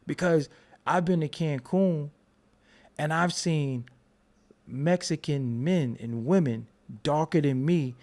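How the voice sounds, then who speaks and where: An American man hosting a commentary channel, talking in an animated, emphatic and profane unscripted rant. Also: fairly high pitch, slow. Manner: animated, emphatic, profane, talks over repeated restarts.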